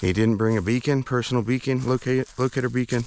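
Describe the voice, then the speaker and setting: A man's voice: mid-range voice, steady tone, fast talker, darkish tone, a little hiss or hum. A man vlogging while hiking outdoors in a forest, out of breath, talking in a rambling, hesitant way. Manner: rambling, hesitant, many fillers and restarts. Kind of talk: casual walk-and-talk vlog.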